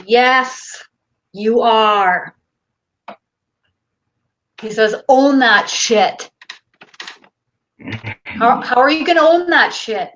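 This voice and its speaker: A woman with a Canadian accent, hosting a live stream and reading viewer questions aloud in a casual, relaxed way. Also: on the high side, slow pace, pauses often, highs cut off, slight background noise. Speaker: host.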